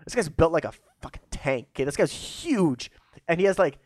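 A man's voice: on the high side, sing-song, brisk, dry recording. A man co-hosting a casual podcast, telling a story with lots of fillers, restarts and "like"s. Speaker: podcast co-host. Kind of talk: casual chat.

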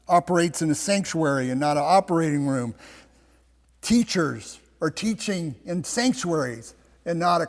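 Pastor guy preaching, kinda high voice, big reverby church sound. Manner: animated storytelling, voicing quoted speakers. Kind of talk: sermon. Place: church sanctuary. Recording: long hall reverb.

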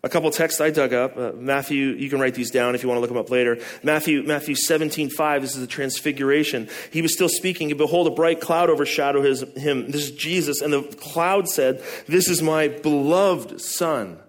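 A man's voice: medium pitch, steady tone, a little fast, few pauses. A man preaching a sermon as a pastor, talking to the congregation in a conversational way, asking questions and acting out short quoted lines.

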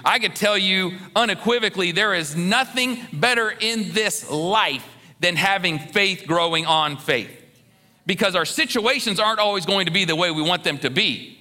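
A man's voice: a little high, normal speed, bright, forceful tone. A male pastor preaching a sermon earnestly, stumbling over and repeating words as he builds emphasis.

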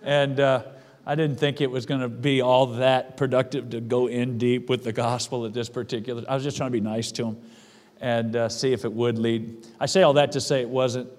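A man's voice: medium pitch, little pitch movement, normal speed, a little mellow, big-room sound. A male pastor delivering a sermon in a church, emphatic and repeating his phrases for weight.

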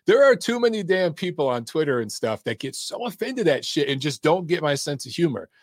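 A man's voice: fairly high pitch, sing-song, fairly quick, dry recording, clean studio sound. A man hosting a live call-in show about boxing, talking casually and bluntly with plenty of swearing as he reads the chat and takes calls. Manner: blunt, profane and laid-back.

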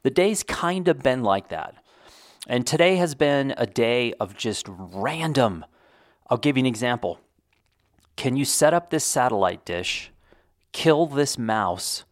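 A man's voice: mid-range voice, no room sound, clean studio sound. A middle-aged man hosting a solo podcast, talking casually with rambling, wry, self-deprecating humor. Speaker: podcast host.

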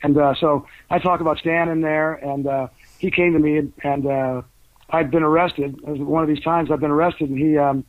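Fairly high in pitch, steady in tone, and at normal speed, this older male guest author spins long, wandering stories full of fillers and restarts during a casual interview. The recording is dry, tinny, and phone-like.

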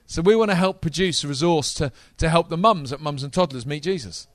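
A man preaching a sermon to a live congregation, energetic and talking straight to the audience. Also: on the high side, fairly quick, dry recording.

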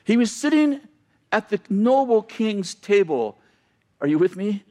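A middle-aged American pastor preaches in church, telling a story with self-deprecating humor and acting out its characters. His voice is high and very animated, with a darkish tone and a measured pace.

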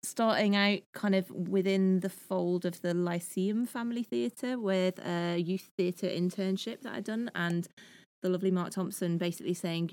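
A woman in her thirties with a slightly low voice tells her story in long, eager sentences. The sound is dry and close, with no room around it. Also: fairly even intonation, moderate pace, few pauses, a little mellow, no room sound. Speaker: theatre director guest. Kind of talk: casual podcast interview. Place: podcast recording setting.

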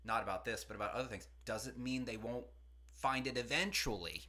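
A man with a bright, clear voice leads a casual teaching conversation from a studio. He unpacks ideas in a chatty, animated way, slipping into quick acted-out quotes. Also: medium pitch. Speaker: pastor and podcast host.

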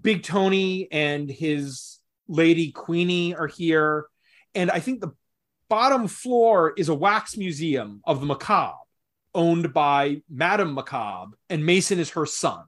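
A man co-hosting a casual comics podcast, explaining at length in a thoughtful, measured way. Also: a little high, lively intonation. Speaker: podcast co-host discussing comics. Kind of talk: casual chat.

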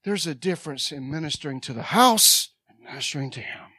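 Fervent woman preacher, shouting then hushed. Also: sits low, expressive, fairly quick, slightly rough, dry recording, studio quality. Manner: fervent, swings between loud shouting and quiet asides. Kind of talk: sermon.

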